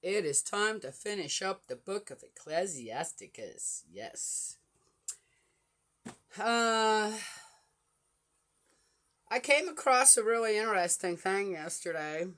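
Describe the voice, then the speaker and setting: An older woman, a grandmother, chatting casually and rambling through a story with many fillers, getting animated and exasperated. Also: medium pitch, takes it slowly, pauses often. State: flushed from a hot flash. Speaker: Bible reading podcaster. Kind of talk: casual chat.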